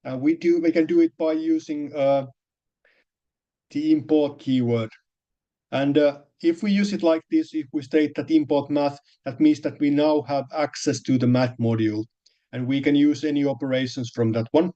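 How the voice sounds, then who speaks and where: A male programming teacher who talks through his code haltingly, stopping to restart and fill pauses as he explains each step. His voice is mellow and unhurried. It comes through a somewhat dull, lo-fi recording. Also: a little high. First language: Finnish. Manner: hesitant, many restarts and fillers, explains step by step. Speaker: programming lecturer.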